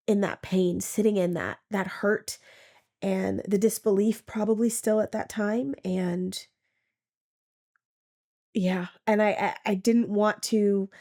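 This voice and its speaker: Woman telling her faith testimony, emotional and halting, keeps repeating words, middle pitch. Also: warm tone. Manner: acts out her own past words. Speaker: testimony speaker.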